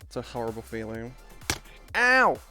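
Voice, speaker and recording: A man's voice: mid-range voice, normal speed, faint music behind. A man streaming and chatting casually, swearing often and telling stories with energy. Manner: swears a lot, animated storytelling. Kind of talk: casual chat.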